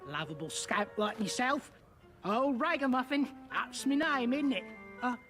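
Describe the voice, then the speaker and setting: Chummy cartoon street scamp, bouncy pitch, bad put-on British accent, film audio under music. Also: male voice, sing-song, unhurried, fairly bright tone, heavily acted. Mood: cheeky. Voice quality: thick, wobbly put-on accent. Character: scruffy male street scamp with a fake-sounding British accent. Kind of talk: animated film dialogue.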